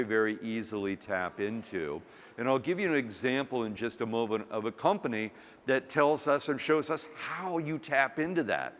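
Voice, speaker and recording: A man delivers a keynote in a big conference hall, and his voice carries a long reverb. He tells a funny personal story with a lively, swinging pitch and acts out the quotes. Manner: animated, humorous storytelling with acted quotes. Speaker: conference speaker.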